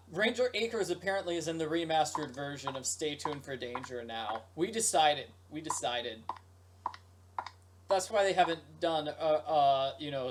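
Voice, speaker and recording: A man's voice: fairly high pitch, noisy background. A man giving playful let's play commentary, joking and breaking into silly sung rhymes. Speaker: video game streamer. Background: game music.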